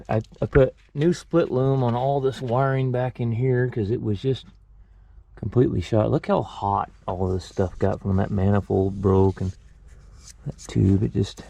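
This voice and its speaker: A man's voice: lowish voice, gravelly, a little mellow. A man working as a mechanic who talks casually and thinks aloud while he works on an engine in a truck repair shop. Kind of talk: casual work vlog, talking while repairing.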